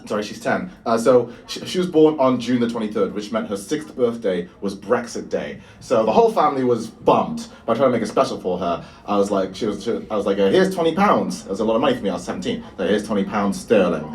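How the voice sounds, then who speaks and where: Offhand young comic, distant mic. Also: male voice, on the low side, animated, fast talker, hardly any pauses, darkish tone. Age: 20s. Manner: dry, offhand, self-mocking delivery. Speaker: stand-up comedian. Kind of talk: live stand-up set. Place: small bar venue with live audience.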